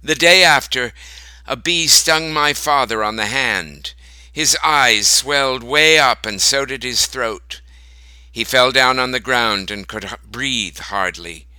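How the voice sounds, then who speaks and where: A man reading a short story aloud as narrator, slow and deliberate. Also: medium pitch, sharp tone, clear, resonant tone, no echo, rough recording.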